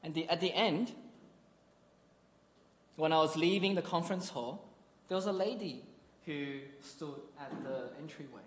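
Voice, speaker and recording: A man's voice: on the high side, unhurried, pauses often. Earnest man preaching in hall. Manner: earnest, conversational storytelling. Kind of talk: sermon with personal story.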